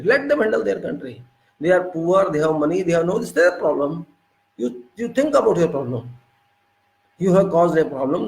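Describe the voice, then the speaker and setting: A man's voice: high-pitched, gravelly, reverberant, low-quality recording. A man with an Indian English accent giving an indignant political monologue, lecturing with repeated rhetorical questions. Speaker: political commentator.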